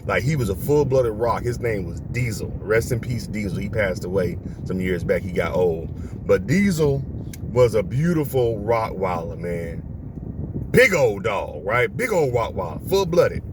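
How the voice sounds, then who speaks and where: A man from Florida, a vlogger telling a story casually on a phone, animated and acting out voices. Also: lowish voice, unhurried. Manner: animated, acts out voices, laughs often. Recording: outdoor street and traffic noise.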